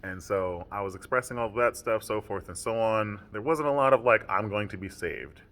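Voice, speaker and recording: Low-voiced young man telling his story. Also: a bit bright. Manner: candid, rambling, full of "like" and "um"; speaks in a deliberately low comfortable tone. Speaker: podcaster. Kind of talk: personal monologue.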